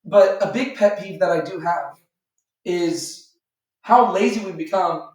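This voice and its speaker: A man's voice: high voice, unhurried. A man teaching a Bible study in a loose, rambling way, full of fillers, who acts out imagined voices. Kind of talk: informal Bible teaching to a small group. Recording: echoey room, far from the mic.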